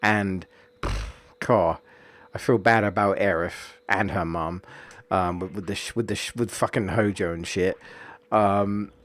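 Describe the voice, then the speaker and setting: A man's voice: deep voice, fairly even intonation, measured pace, fairly bright tone. A man, streaming and chatting casually, rambling with many fillers and restarts. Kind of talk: casual chat about a story.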